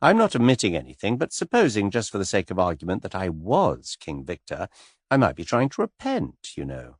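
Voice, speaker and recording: A man voicing a cool English gentleman suspect, speaking lightly and teasingly in an unhurried way. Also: sits low, wildly swooping pitch, no echo, studio quality, full character voice. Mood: amused.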